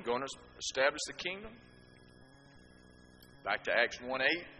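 A man's voice: medium pitch, big pitch swings, measured pace, bright, forceful tone, highs cut off. A man preaching a sermon to a congregation, asking rhetorical questions and throwing in asides to the listeners. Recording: echoey hall with faint background noise.

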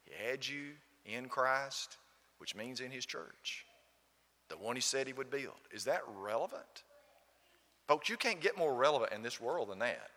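A man's voice: medium pitch, lively intonation, measured pace, sharp tone, long reverb tail. A man preaching a sermon in a church, emphatic and full of rhetorical questions to the congregation. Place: church building.

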